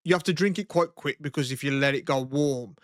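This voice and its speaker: A young man co-hosts a podcast in loose, rambling chat, swearing freely and laughing easily. His voice is smooth and resonant. The sound is close and dry. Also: mid-range voice, a little fast, no room sound. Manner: rambling and profane, laughs often. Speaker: podcast co-host. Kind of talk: casual chat.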